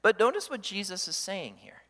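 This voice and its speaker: Animated high-voiced male preacher. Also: normal speed. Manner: animated, acts out quoted voices. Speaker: pastor. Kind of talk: sermon. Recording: long hall reverb.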